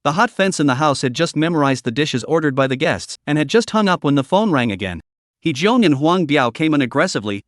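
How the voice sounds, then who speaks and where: This is a man's scripted narration recapping a story, delivered in an animated way at a fairly quick clip. His pitch is a touch above the usual male range and moves considerably phrase to phrase, and the dry, close recording carries no room sound.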